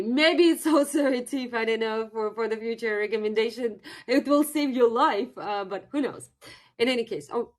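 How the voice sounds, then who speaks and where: This is a young woman from Russia, speaking English with a Russian accent in a slightly higher register. She runs a live-stream lesson on her native language in a loose, chatty way and reads out comments from viewers. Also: normal speed. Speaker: online Russian language teacher.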